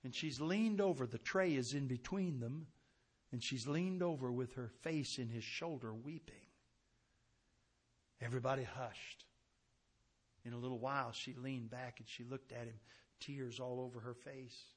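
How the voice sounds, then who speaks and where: A man preaching a sermon with fervor, swinging from loud to hushed. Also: mid-range voice, measured pace.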